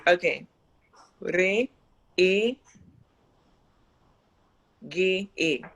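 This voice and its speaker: Student, spelling aloud, very slow, hesitant, video call. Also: mid-range voice, creaky, fairly bright tone, highs cut off. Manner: hesitant, spells slowly letter by letter.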